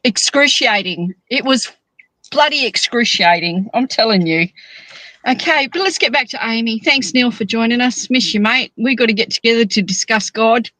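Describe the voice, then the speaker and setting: Woman, high pitch, teasing, animated, casual podcast chat. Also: normal speed, dry recording, rough recording. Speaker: monthly guest co-host.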